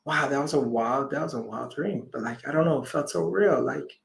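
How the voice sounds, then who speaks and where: A man's voice: medium pitch, fairly quick, creaky, a little hiss or hum, rough recording. A man, a healer being interviewed, telling a personal story in a rambling way, full of "you know" and retold dialogue. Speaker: guest, healer.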